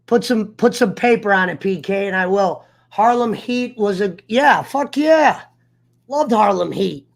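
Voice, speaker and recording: A man's voice: sits high, gravelly. A man hosting an online sports talk show, telling a heated story in a profane, fired-up rant. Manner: profane, fired-up storyteller who mimics others. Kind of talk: casual livestream rant.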